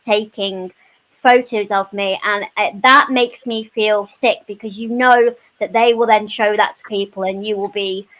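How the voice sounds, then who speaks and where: A woman's voice: medium pitch, unhurried, lo-fi sound. A woman, a panel guest telling her stories in a casual chat with lots of "you know" asides. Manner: animated storytelling, frequent "you know" asides.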